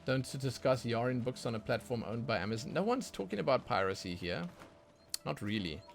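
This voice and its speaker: A man livestreaming a game and chatting casually with his viewers, rambling, repeating words as he goes, with sudden bursts of excitement. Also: mid-range voice, fairly quick, gravelly, faint music behind. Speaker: livestreaming gamer.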